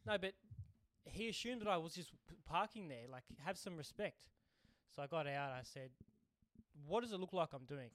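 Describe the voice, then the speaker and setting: An Australian man co-hosting a podcast, telling stories in a casual, animated way and getting worked up as he talks. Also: on the high side, no echo, studio quality. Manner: animated storytelling, quick to anger. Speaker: podcast co-host. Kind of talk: casual chat.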